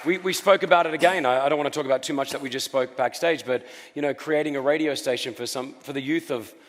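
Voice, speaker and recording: A man's voice: mid-range voice, fast talker. A man interviewing a guest onstage, asking eager, complimentary questions. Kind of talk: onstage conversation. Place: conference stage. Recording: long reverb of a large hall.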